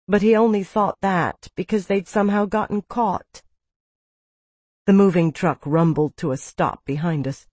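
Audiobook narrator, calm first-person read, dry close booth sound. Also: medium pitch, moderate pace, no room sound.

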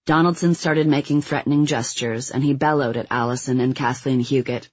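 A man narrating a nonfiction book in an even, measured scripted reading. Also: mid-range voice, slightly rough, no room sound, dull audio. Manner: even, measured reading; quotes read with little acting. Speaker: audiobook narrator.

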